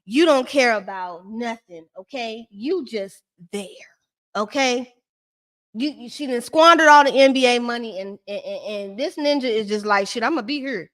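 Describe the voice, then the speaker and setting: A high-voiced woman holds court on a live stream, recapping a reality show in a loose, chatty way. She is sassy and shady, ranting at the people on screen. Her voice sits up high and stays lively. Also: normal speed. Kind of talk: casual live-stream commentary.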